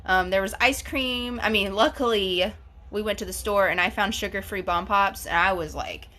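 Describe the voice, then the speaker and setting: A woman's voice: mid-range voice, normal speed, bright, forceful tone. A woman, hosting a casual livestream, reading comments aloud in a chatty, giggly, gushing way. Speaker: livestream host.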